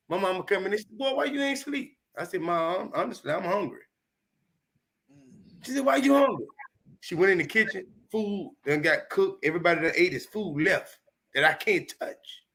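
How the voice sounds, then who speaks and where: High, bright-voiced man telling stories. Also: normal speed, long pauses. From Chicago, United States. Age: 50s. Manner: animated, profane, emphatic. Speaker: comedian guest. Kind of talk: candid storytelling.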